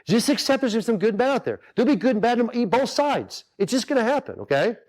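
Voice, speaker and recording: Hosting a golf coaching webinar, a man with an extremely high, darkish voice talks quickly in a sing-song way. He is casual but earnest and repetitive, full of asides, often turning to listeners to check they are following.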